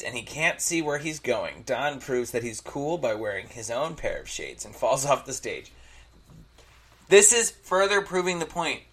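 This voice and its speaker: A podcast co-host with a bright, forward voice that swoops animatedly as they recap an episode. Enthusiastic and opinionated, they swear freely in casual chat. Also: mid-range voice.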